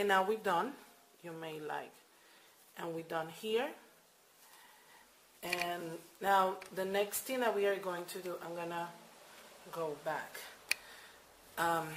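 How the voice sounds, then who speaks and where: Woman, lowish voice, unhurried homemade crochet tutorial, faint noise behind. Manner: hesitant, filler-heavy, repeats steps. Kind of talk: casual how-to demonstration. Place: home at night.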